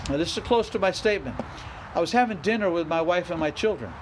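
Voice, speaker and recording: A man's voice: high-pitched, lively intonation, fast, slight background noise, poor audio. A middle-aged male pastor preaching a sermon, emphatic, repeating phrases and rising into bursts of exhortation.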